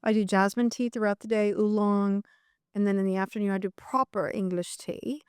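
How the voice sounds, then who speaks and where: A middle-aged woman talks in an easy, gushing, chatty way as a podcast guest. Her voice is smooth and clear, sitting at an average pitch for a woman. It is recorded dry and close, with no room sound. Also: little pitch movement, fast talker, a little mellow, no echo. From Colombia. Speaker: immigration attorney, podcast guest. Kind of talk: casual interview chat.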